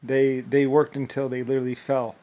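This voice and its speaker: A man's voice: mid-range voice, flat delivery, fairly quick, warm tone, rough recording. A man talking in a rambling monologue, restarting phrases often and breaking into laughter.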